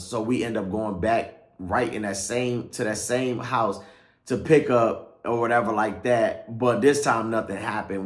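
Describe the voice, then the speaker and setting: Slangy pastor man, low voice, echoey room. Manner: loose, slangy, keeps asking "right?" and trailing off with "or whatever like that". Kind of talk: casual testimony storytelling.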